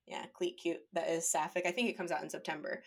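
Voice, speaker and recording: Fast-talking and creaky, her low voice has a flat delivery. She's a podcast co-host in an easygoing chat, rambling loosely, laughing a lot, and dropping "like" constantly.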